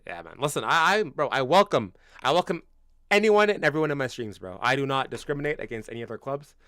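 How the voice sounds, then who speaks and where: A man's voice: mid-range voice, animated, fast talker, no echo, clean studio sound. A man in his twenties from Canada, a football fan streamer chatting casually with viewers, blunt and slangy, calling everyone bro and swearing freely. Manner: gets loud and incredulous in bursts. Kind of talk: casual livestream chat reacting to viewers.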